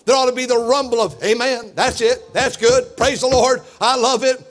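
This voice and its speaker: A middle-aged man preaching a fiery sermon as pastor, loud and boisterous, building to shouts. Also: extremely high pitch, steady tone, normal speed.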